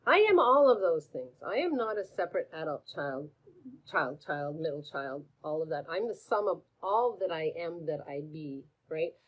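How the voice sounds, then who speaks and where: A middle-aged woman hosting a live stream, coaching in a chatty, animated way, greeting viewers by name and asking many questions. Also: on the low side. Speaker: host answering viewer questions. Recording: dull lo-fi stream audio.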